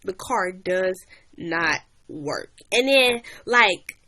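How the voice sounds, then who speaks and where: A woman's voice: fairly low pitch, expressive, extremely slow, sharp tone. A young woman chatting on a livestream, animatedly telling a story and greeting new viewers. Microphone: webcam or phone mic.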